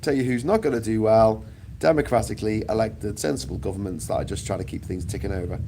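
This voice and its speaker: A British man holds forth in a casual opinion rant, his voice carrying a gravelly rasp. He is blunt and profane, and drops sarcastic asides as he goes. He records outdoors on a sunny island, with a faint hum of ambient noise behind him. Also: lowish voice, quick pace, dark tone. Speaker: vlogger.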